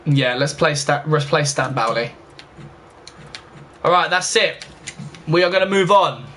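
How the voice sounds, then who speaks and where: A young man hosting a casual let's-play, chatting straight to his viewers and quick to get annoyed. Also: a little high, animated, pushed and bright, slight background noise. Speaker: gaming channel host.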